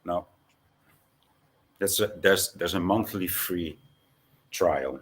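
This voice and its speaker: A man co-hosting a livestream, explaining things in a halting, hesitant way. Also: sits low, fairly bright tone, husky. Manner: hesitant, many fillers and restarts. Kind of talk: casual chat.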